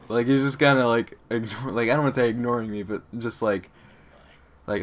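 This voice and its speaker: A young man vlogging, telling a story excitably and acting out quotes with lots of "like"s. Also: lowish voice, moderate pace, a little hiss or hum. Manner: excitable, acts out quotes, many "like"s. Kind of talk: casual storytelling to camera.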